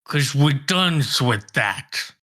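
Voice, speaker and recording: A man voicing a crude, dismissive male bugbear grunt in a tabletop game, blunt, rough and swearing. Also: mid-range voice, lively intonation, slow, sharp tone. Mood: wary. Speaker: game master.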